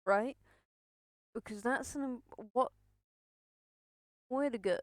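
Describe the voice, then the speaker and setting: Chatting casually to her stream, a young woman drawls slowly but comes across jittery and slightly out of breath, cursing and looping back over the same words. Her voice is on the high side, and the close, dry recording has no room around it.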